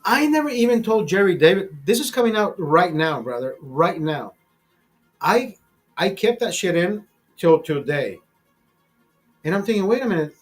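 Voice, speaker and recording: A man's voice: high-pitched, very animated, unhurried, pauses often, faint music behind. A man hosting a show, telling a story in a casual, profane and emphatic way, often repeating himself. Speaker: show host.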